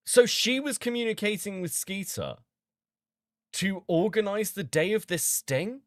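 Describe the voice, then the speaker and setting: A man streaming casually as he reads out chat logs and reacts with sudden loud disbelief and swearing. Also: sits high, animated, measured pace, no room sound, studio quality.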